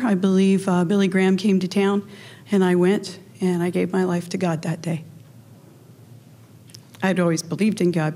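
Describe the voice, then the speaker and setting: A woman's voice: medium pitch, a little mellow. Woman, mid-range voice, memorial ceremony host, earnest, heartfelt personal story.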